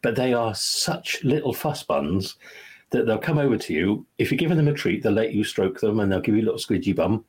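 A man's voice: on the low side, lively intonation, brisk, darkish tone, breathy edge. A man co-hosting a podcast, gushing in casual chat with lots of restarts. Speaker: podcast co-host.

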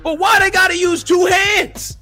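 A man voicing a pushy older man in his sixties who rambles on, pitching joke ideas. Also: steady tone, normal speed, pushed and bright, shouting, faint music behind, heavily acted. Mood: indignant. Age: 60s. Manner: rambling, insistent, exasperated.

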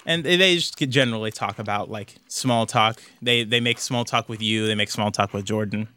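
A man's voice: on the low side, fairly quick, pushed and bright, clean tone. A man narrating a tabletop role-playing game as game master, describing the scene conversationally and loosely. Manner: descriptive, conversational, with frequent "like" and "kind of".

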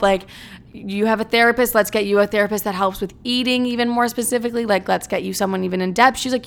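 A woman's voice: medium pitch, steady tone, quick pace, gravelly, a bit bright. A young woman from the Chicago area telling a casual storytime vlog, chatty and full of fillers and swearing.

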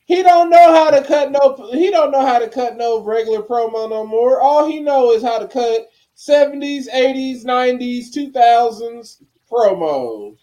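A man's voice: extremely high pitch, animated, measured pace, warm tone. A man co-hosting a casual wrestling podcast, laid-back, dismissive and profane. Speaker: podcast co-host.

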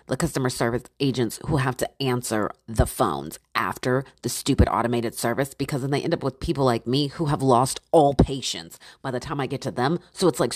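Low-voiced woman ranting in exasperation. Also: no room sound, studio quality. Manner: exasperated, animated, acts out her own quotes. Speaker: storyteller. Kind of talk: casual storytelling rant.

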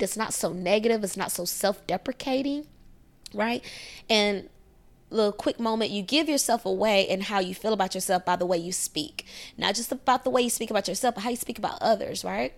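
A woman hosting a podcast, giving casual astrology advice in a lively way, often checking in with "right?" and "okay?". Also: mid-range voice, brisk. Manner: animated, acts out quoted voices, frequent "right?" and "okay?". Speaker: podcast host.

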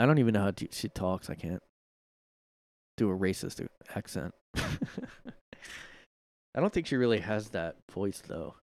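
A man's voice: fairly low pitch, lively intonation, a little slow, long pauses, darkish tone, dry recording. A man hosting a solo podcast from his room, rambling sarcastically with lots of filler words. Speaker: podcast host. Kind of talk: casual solo commentary.

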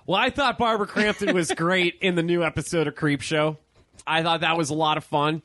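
A man co-hosting a podcast, talking excitedly about horror shows, swearing and acting mock-annoyed. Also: fairly high pitch, brisk. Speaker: podcast co-host. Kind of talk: casual banter about movies and TV.

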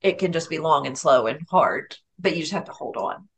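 A woman as a podcast guest, talking candidly in a casual conversation, laughing at herself now and then and restarting her sentences quickly. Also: deep voice, animated, breathy edge.

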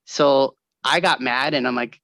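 A man telling family stories in casual chat, animated and quick to laugh, acting out the voices of the people in them. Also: medium pitch, no room sound. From California. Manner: animated storyteller, laughs often, acts out voices.

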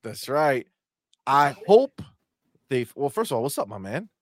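A man's voice: medium pitch, big pitch swings, measured pace, no echo. A man co-hosting a podcast, chatting casually and joking, reading out live chat, slipping into silly voices. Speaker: podcast co-host.

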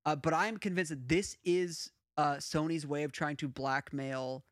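Chatty man, slightly high voice. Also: fairly even intonation, moderate pace, dry recording, studio quality. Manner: talkative, lays out theories with many restarts. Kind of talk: casual film discussion.

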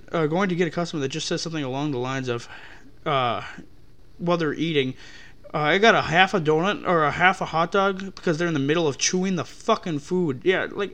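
Young guy ranting and swearing, a bit high voiced, fed up. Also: fairly bright tone. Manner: profane, exasperated ranting. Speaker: podcast host. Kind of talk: ranting about customers.

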